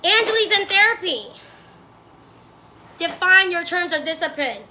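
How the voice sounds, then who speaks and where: High bright-voiced woman ranting bluntly. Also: expressive, measured pace, reverberant, rough recording. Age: adult. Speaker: TikTok live streamer. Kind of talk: casual livestream chat. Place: home.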